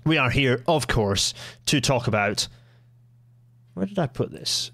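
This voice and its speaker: A man chats as host of a live stream in a mid-range voice. He rambles, breaks off into quick asides and restarts his sentences. The sound is dry and close, with no room around it. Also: medium pitch, big pitch swings, fairly bright tone, dry recording. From Scotland. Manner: rambling, self-interrupting, quick asides with laughs. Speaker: livestream host. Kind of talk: casual live-stream chat.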